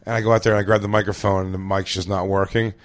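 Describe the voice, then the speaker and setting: Male comedian guest, lower voice, relaxed crude storyteller. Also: rapid-fire. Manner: laid-back, crude anecdote-telling. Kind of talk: casual podcast chat.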